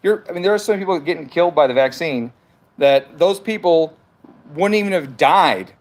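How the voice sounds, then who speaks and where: A man's voice: a little high, lively intonation, fairly quick. A man hosting a livestream from home, reading chat messages aloud and arguing back in a heated, profane, casual rant. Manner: profane, argumentative, talks back to comments.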